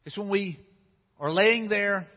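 A man's voice: high voice, a little slow. A male pastor preaching a sermon in a conversational way, often repeating phrases, recorded in a church hall. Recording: dull sound with long hall reverb.

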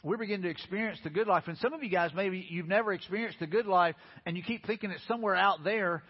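A male pastor rattles through his sermon at a quick clip, his voice pitched a little high and edged with huskiness. He keeps the tone chatty and informal, and the sound carries a long church-hall reverb through a dull, lo-fi recording. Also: husky. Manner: casual, conversational preaching with lots of "hey, listen" and "you know".

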